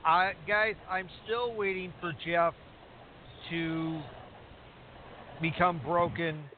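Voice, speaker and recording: A man's voice: sits high, level tone, takes it slowly. A man co-hosting a wrestling talk show, chatting casually and rambling with many restarts and fillers. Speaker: podcast co-host recapping wrestling. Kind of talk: casual chat. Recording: tinny phone line with faint hiss.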